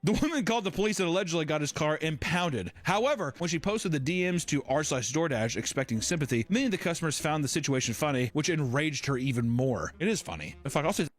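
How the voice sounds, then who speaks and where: Man, co-host, fairly high voice with a very lively pitch, jokey reader who swears. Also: quick pace, hardly any pauses, faint music behind. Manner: joking, swears, acts out quoted voices. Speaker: co-host reacting to videos. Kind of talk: casual reaction chat, reading stories aloud.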